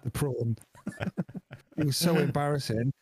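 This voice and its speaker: A man's voice: fairly high pitch, measured pace, a little mellow, husky, no room sound. A man, co-hosting a podcast and telling stories with a laugh. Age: 40s. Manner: laughing, storytelling. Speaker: podcast co-host. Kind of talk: casual chat.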